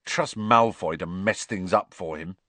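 A man's voice: deep voice, measured pace, pushed and bright, no echo. A man voicing a gloomy but loyal teenage boy in a lifted, eager voice. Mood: worried.

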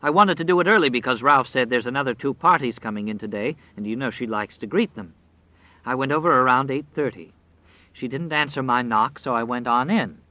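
A worried young man explains himself in a hurried rush, as a male narrator voices him. His voice sounds close and dry. It has a slightly dull tone. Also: medium pitch, no echo, natural voice. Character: anxious young man, out of breath.

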